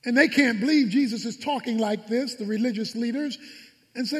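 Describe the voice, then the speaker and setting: A man's voice: very high-pitched, moderate pace, fairly bright tone, in a large hall. A pastor preaching a sermon with emphatic delivery, acting out scripture scenes as he goes. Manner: emphatic preaching with dramatic retellings.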